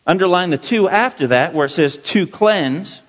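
A man teaching a Bible passage as a pastor, slow and emphatic, repeating key words for his listeners. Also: high voice, expressive. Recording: dull, roomy hall sound.

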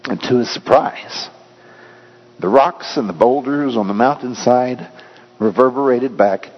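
A man preaching a sermon earnestly, often swinging between raised and hushed delivery. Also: mid-range voice, a little slow. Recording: long reverb, dull lo-fi sound.

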